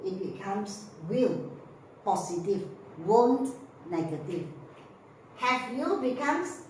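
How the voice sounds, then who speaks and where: A woman's voice: mid-range voice, a little hiss or hum. A woman teacher, explaining short answers in a patient grammar lesson and repeating drill phrases. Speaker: English teacher. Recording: echoey room, voice from mic distance.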